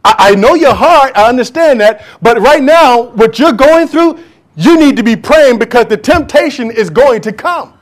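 A pastor preaching a sermon emphatically, often repeating words for stress. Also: male voice, very high-pitched, lively intonation, normal speed.

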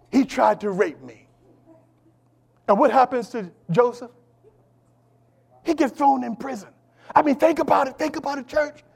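Male pastor, very high voice, call-and-response preaching, shifts from shouting to hushed. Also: creaky. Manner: preaching with call-and-response, swings between shouting and near-whisper. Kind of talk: sermon.

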